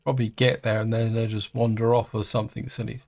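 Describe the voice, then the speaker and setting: A middle-aged man giving casual let's-play commentary, chatty and hesitant, thinking aloud with many pauses. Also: lowish voice, flat delivery, gravelly, a little mellow. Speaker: gaming channel host.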